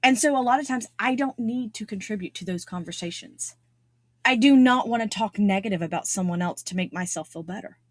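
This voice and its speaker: A woman's voice: mid-range voice, brisk, no echo, studio quality. A middle-aged woman hosting a solo self-improvement podcast, talking earnestly and repeating key phrases for emphasis. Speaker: podcast host.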